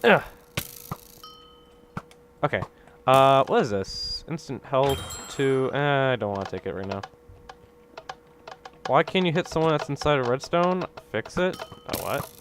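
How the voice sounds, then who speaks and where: A man's voice: medium pitch, lively intonation, unhurried, long pauses, background noise. A young man ranting casually while playing a game, rambling, exasperated and constantly asking "right?". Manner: exasperated griping. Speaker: gaming video creator. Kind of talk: casual rant over gameplay commentary.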